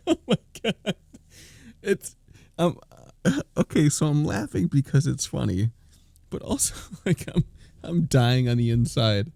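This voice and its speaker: A man's voice: on the high side, sing-song, slow pace, vocal fry, pauses often, darkish tone, dry recording. A man live-streaming a reaction, incredulous, laughing often and swearing.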